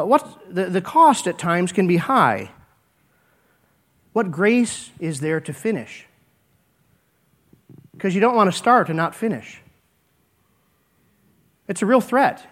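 A male pastor delivering an earnest, repetitive sermon. His voice sits fairly high and moves widely. It drops from emphatic declarations to hushed asides. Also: very animated, a little slow, pauses often.

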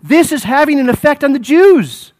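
Male preacher, high voice, fervent repeating delivery, addresses folks. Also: very animated, normal speed, darkish tone. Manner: exclaims and repeats phrases, addresses listeners as folks. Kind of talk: expository sermon.

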